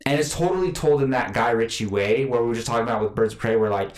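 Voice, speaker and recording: A man hosts a laid-back movie podcast, wandering through his thoughts with plenty of fillers and restarts. His voice sits at a middle pitch. The room around him gives it a noticeable echo. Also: fast talker, a little hiss or hum. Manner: rambling, many fillers and restarts. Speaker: podcast co-host. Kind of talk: casual movie review chat.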